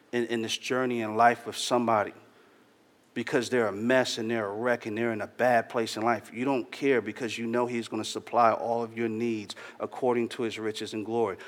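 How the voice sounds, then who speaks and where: A man preaching a sermon in a casual, slangy, earnest storytelling way, addressing his church. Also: medium pitch. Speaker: pastor. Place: church hall. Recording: long hall reverb.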